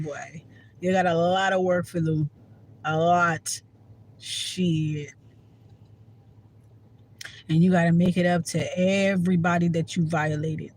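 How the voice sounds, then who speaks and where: High-voiced man ranting candidly. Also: level tone, measured pace, slight background noise, low-quality recording. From Washington DC area. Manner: candid, profane, rambling with frequent fillers. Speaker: spiritual vlogger. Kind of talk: casual monologue to camera.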